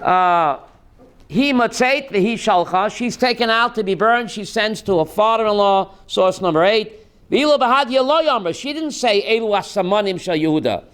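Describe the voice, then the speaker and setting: A man teaching a lively Torah class as a rabbi, asking his listeners questions and mixing in Hebrew terms. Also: high-pitched, moderate pace, smooth. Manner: animated, asks the audience questions, mixes Hebrew terms.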